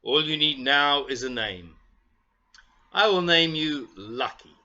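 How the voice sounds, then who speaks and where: A man's voice: fairly high pitch, lively intonation, slow pace, dull audio, heavily acted. A man reading as a kindly toy maker. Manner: gentle storybook reading.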